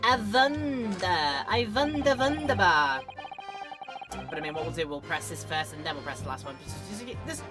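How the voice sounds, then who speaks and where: With music running underneath, a young woman casually chats through a game stream and gives the characters voices as she reads. Her deep voice swings widely in pitch at a moderate pace.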